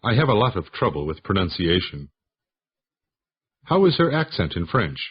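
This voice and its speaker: Low husky male reader, slow practice sentences, lively up-and-down intonation, dull lo-fi sound. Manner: reads model sentences one by one, questions and answers. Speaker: English lesson reader. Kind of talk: slow scripted sentence reading.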